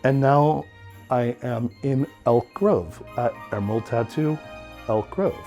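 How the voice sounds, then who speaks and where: A man's voice: mid-range voice, slow pace, over music. A tattoo artist man in his thirties from California, giving a playful home tour and talking about himself in the third person in a campy, theatrical way.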